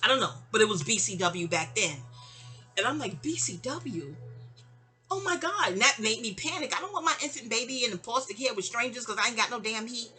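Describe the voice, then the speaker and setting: A woman's voice: on the high side, lively intonation, quick pace, sharp tone, soft background music. A middle-aged woman telling a long personal story in a casual, rambling way, often digressing. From New York.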